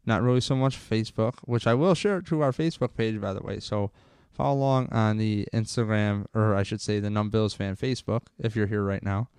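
A man's voice: fairly low pitch, brisk, a little mellow, clear, resonant tone, no room sound, clean studio sound. Rambling man ranting about football. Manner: rambling, gets fired up and swears. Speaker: podcast host. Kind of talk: casual sports rant. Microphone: close microphone.

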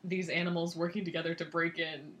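Giggly woman podcast co-host. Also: lowish voice. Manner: animated, laughs often, quick reactions. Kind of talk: casual chat about a movie.

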